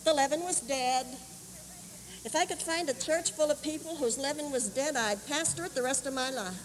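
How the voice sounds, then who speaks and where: A woman preacher telling a sermon story, animated and acting out voices, on an old camp meeting tape. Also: high voice, moderate pace, slight background noise. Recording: 1981 camp meeting tape, roomy hall.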